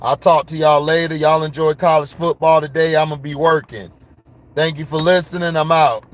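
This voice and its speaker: A man's voice: on the high side, fairly even intonation, moderate pace. A man ranting casually to his viewers, blunt and full of slang, laughing and getting worked up. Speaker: vlogger.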